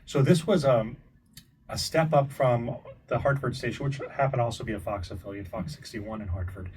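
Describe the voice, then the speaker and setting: A man in his fifties talks easily as an interview guest, chatty and quick to laugh. His voice sits at an ordinary middle pitch. He is picked up by a mic set some way off, with faint noise underneath. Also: a little mellow, recorded from a distance, rough recording. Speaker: guest, longtime TV meteorologist. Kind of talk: casual interview.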